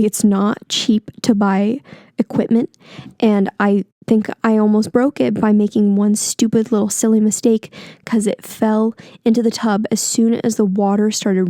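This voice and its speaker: A woman's voice: medium pitch, warm tone, no echo. A young woman in her twenties hosting a casual solo podcast, chatty and rambling, sometimes getting heated and swearing, close on the mic. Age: 20s. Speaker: podcast host.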